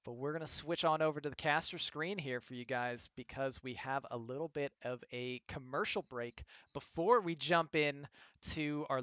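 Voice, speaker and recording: A man with a slightly higher voice hosts an esports stream, recorded dry and close. He talks casually with plenty of fillers and reads promo copy quickly and brightly. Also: smooth, no room sound. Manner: reads rapid-fire sponsor spots quickly and upbeat. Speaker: host of esports league show.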